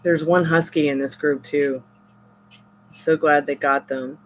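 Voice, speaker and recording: A woman reading tarot on a live stream, chatting casually with viewers and rambling in halting, restarting sentences. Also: low voice, fairly even intonation, slight background noise.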